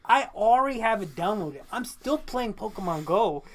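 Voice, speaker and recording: A man's voice: high-pitched, animated, moderate pace. A young man co-hosting a podcast, in a casual chat. He rambles, swears often and breaks into laughter. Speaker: podcast co-host.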